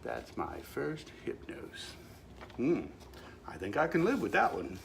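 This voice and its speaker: A man's voice: mid-range voice, huge pitch swings, slow, vocal fry, slight background noise. A man hosting his own show, telling a comic monologue in a wry, mock-solemn way with playful asides. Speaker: show host.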